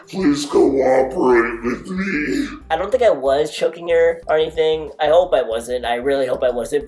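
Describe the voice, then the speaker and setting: A man's voice: a little high, normal speed, a little mellow. A man telling a rambling storytime in a casual, self-mocking way, full of "like" fillers and sudden dramatic exclamations. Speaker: vlogger.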